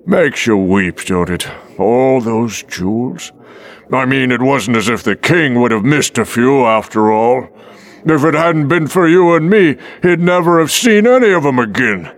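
A man's voice: medium pitch, gravelly. An actor playing a weary, plainspoken castle guardsman with working-class speech in a radio play. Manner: grumbling, world-weary.

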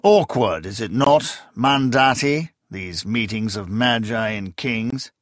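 A man voicing a volatile, suspicious emperor who shouts shrill accusations. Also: slow pace, no room sound, clean studio sound, lightly acted. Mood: imperious.

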